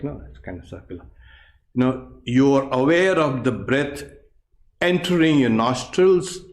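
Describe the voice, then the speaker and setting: A man, a monk and yoga teacher, giving a meditation class in a measured, explanatory way with many pauses. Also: medium pitch. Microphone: online class recording.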